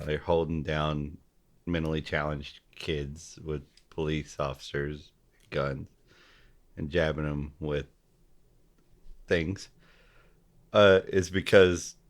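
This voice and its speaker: A man as a podcast guest in casual political chat, halting and often restarting his sentences. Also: a bass voice. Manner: halting, repeats and restarts, gropes for names.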